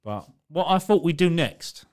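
A man's voice: on the high side, expressive, normal speed. A man co-hosting a casual podcast, rambling through explanations, swearing freely and laughing often. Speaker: podcast co-host. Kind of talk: casual chat.

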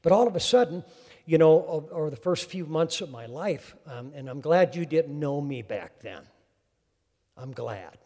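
Fervent high-voiced preacher in a reverberant hall. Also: male voice, mellow. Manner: fervent, calls out to the congregation. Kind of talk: sermon.

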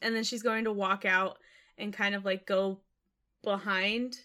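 A woman's voice: medium pitch, level tone, a little slow, sharp tone. A woman playing a tabletop game, narrating what her character does, often giggling. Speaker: player. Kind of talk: casual tabletop play.

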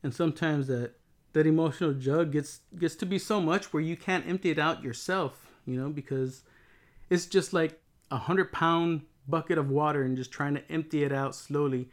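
Reflective man, mid-high voice. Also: normal speed. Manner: rambling, reflective, many restarts. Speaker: co-host talking with his wife. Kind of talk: casual relationship talk.

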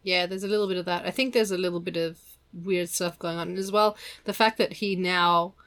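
Low-voiced woman musing about a book. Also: fairly even intonation, brisk, a bit bright. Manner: thoughtful, hesitant, with fillers. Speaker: book club co-reader. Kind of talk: casual book discussion.

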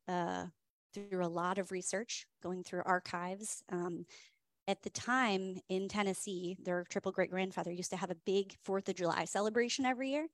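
Host: enthusiastic woman, chatty, lots of ums, mid pitch, dry sound. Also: no echo. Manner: chatty, many "um" fillers, enthusiastic. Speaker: whiskey tasting host. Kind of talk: casual storytelling presentation.

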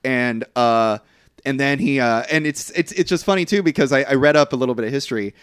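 A man's voice: mid-range voice, brisk, clear, resonant tone, no echo, studio quality. A man casually recapping a film on a podcast, rambling with lots of fillers and the odd curse. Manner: loose, rambling recap with frequent fillers and profanity. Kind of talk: casual chat.

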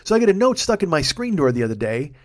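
With a fast, sing-song voice on the high side, a middle-aged man hosts his podcast, recounting a wandering, profane tale that mocks himself, captured on a studio microphone.

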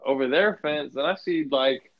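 A man's voice: fairly high pitch, moderate pace, dry recording, dull audio. A young man casually telling a profane, laughing story on a podcast with friends. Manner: laid-back, profane, laughs while telling.

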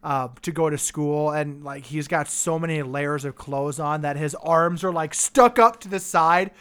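A podcast co-host in casual chat, talkative and quick to laugh. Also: medium pitch, fairly bright tone, clear, resonant tone. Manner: chatty, laughs often, swears casually.

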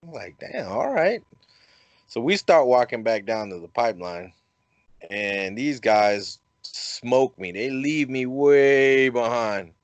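Lively man telling a story. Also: slow, dry recording. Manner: animated, jumps up high when quoting himself; laughs at his own jokes. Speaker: podcast host. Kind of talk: casual storytelling.

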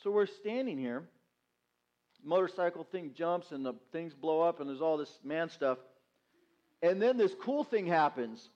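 A man's voice: on the high side, animated, unhurried, a little mellow, dull audio. A man preaching as youth pastor, telling a self-mocking story with acted-out quotes. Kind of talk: storytelling sermon. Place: church sanctuary.

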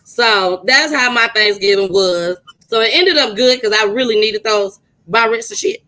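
Loud, animated woman podcast host. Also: on the high side, moderate pace, poor audio. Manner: loud, animated, swears freely, laughs. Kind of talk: casual chat and storytelling.

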